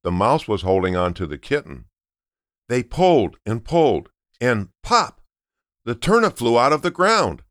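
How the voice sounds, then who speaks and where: A man narrating a children's story aloud in an expressive storytelling manner. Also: medium pitch, measured pace, no echo, clean studio sound. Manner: expressive, sing-song storytelling.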